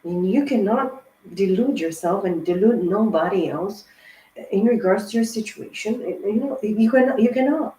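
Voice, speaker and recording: A woman with a warm, mellow voice talks through a tarot reading in a loose, rambling way. She is emphatic and swears freely. The recording has a roomy echo. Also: medium pitch, moderate pace. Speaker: tarot card reader. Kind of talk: casual tarot reading monologue.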